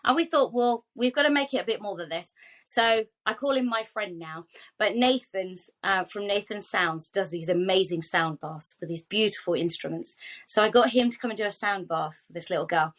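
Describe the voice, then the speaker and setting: A woman who founded a charity, speaking as a guest on a podcast, telling warm stories with lots of quoted dialogue. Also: medium pitch, normal speed. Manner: animated, heartfelt storytelling with quoted dialogue. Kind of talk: podcast interview.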